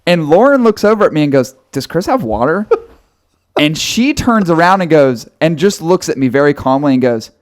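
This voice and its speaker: A man's voice: fairly high pitch, animated, normal speed. A young man co-hosting a podcast, teasing his friend and acting out the sounds as he tells a story. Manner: teasing, mock-stern, acts out sounds. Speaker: podcast co-host. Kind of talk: casual storytelling chat.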